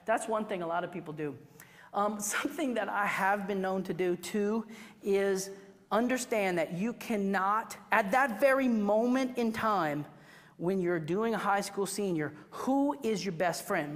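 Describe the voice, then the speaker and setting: Chatty woman teaching in a reverberant hall. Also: mid-range voice. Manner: animated, chatty, acts out quotes with asides to the class. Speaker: photography instructor. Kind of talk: workshop teaching to a live class.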